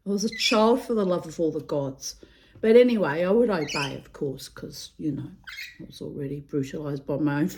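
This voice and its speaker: Her voice deep and a little mellow, a reader giving daily readings wanders off on tangents, cursing openly and laughing frequently in a loose, casual monologue; faint hiss or hum is audible.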